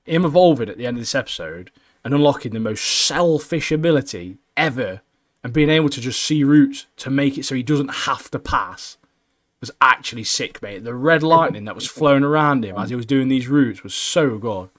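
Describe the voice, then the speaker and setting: Laddish male co-host, mid-pitched, dry close recording. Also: expressive, moderate pace, fairly bright tone, no echo. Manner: laddish, keeps tagging "mate" onto sentences. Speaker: podcast co-host. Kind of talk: casual chat.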